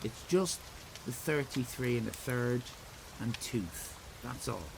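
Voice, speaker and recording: A man's voice: mid-range voice, expressive, slow pace, gravelly, background noise. A middle-aged Irish man streaming live, rambling and self-mocking in casual chat with his viewers. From Ireland.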